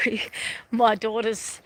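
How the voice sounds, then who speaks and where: A woman's voice: fairly high pitch, monotone, extremely slow, slight background noise. A middle-aged Australian woman chatting casually on a live stream while she walks outdoors by a river, rambling and often laughing. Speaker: vlogger.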